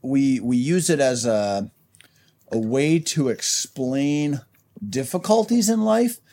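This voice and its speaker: A man co-hosting a Christian podcast, explaining his views in an animated way. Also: medium pitch, slow. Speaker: podcast co-host. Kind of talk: faith podcast conversation.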